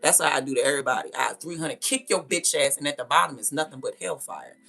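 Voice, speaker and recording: A woman's voice: low voice, expressive, fast talker, vocal fry, sharp tone, faint music behind. A young woman hosting a livestream, ranting bluntly and confrontationally with lots of profanity. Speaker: livestream host. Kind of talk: casual livestream rant.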